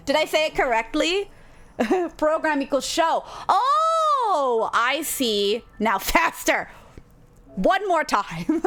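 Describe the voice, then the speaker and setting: A woman's voice: sits high, very animated, slow pace, a bit bright, faint music behind. A woman streaming a video game, chatting casually with viewers and laughing often. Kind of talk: casual livestream chat.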